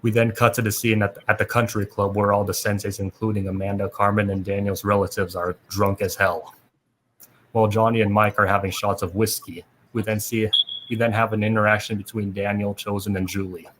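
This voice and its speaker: A man hosting a podcast, reading a plot recap aloud in a steady way with small restarts. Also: on the low side, fairly quick, a little hiss or hum. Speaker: podcast host.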